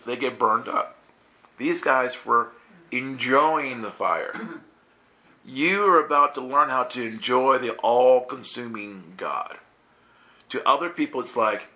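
Gravelly bright-voiced guy preaching, animated and laughing, does little voices for people. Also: mid-range voice, measured pace. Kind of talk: lively sermon with storytelling.

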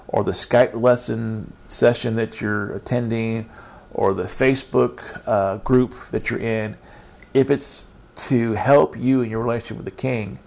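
A man's voice: medium pitch, gravelly, a little mellow. A man giving an informal online faith lesson in an earnest, meandering, encouraging way. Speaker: Christian teacher.

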